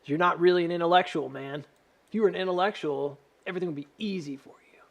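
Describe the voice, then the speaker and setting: A pushy, impatient heckler barks short scolding jabs in a gravelly, slightly high voice, as a man puts him on. He is brusque and mocking from start to finish. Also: quick pace.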